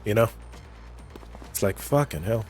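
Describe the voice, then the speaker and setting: A man's voice: fairly low pitch, animated, unhurried, a little mellow, faint music behind, low-quality recording. Swearing ranting man. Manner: ranting, heavy swearing, many fillers. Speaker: livestreamer. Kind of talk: casual chat while gaming.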